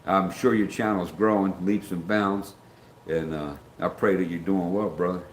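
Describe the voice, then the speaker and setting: Greeting his chat viewers by name, this middle-aged livestream host rambles in a deep voice with fairly even intonation and a moderate pace. There's a little hiss or hum, and the space sounds roomy with faint background ambience.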